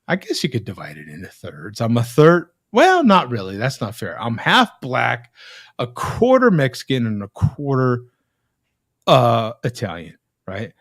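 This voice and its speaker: A man's voice: medium pitch, wildly swooping pitch, measured pace, fairly bright tone, no echo, studio quality. A man hosting a casual video-call chat, telling rambling stories with frequent tag questions. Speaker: host.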